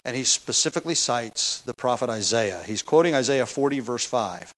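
A man's voice: medium pitch, lively intonation, normal speed, a bit bright. Conversational teacher, man. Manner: conversational, restarts and rhetorical questions. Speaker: Bible teacher. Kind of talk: expository sermon.

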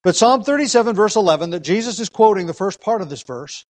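A man's voice: high voice, animated, fast talker, no room sound, poor audio. Earnest preaching man, dry close sound. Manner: earnest teaching with frequent rhetorical questions and emphatic repetition; reads scripture aloud. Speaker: pastor. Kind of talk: sermon.

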